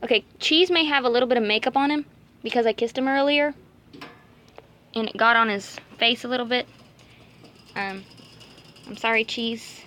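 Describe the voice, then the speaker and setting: A woman talks in a rambling, chatty way, her voice sitting a little high. She coos to her pets in between bits of casual vlog chat, filmed on a handheld camera at home with a faint hiss of room noise behind her. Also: normal speed, pauses often, fairly bright tone. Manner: chatty and rambling, cooing baby talk to her rabbits. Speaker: vlogger. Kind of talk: casual vlog chat while caring for pet rabbits.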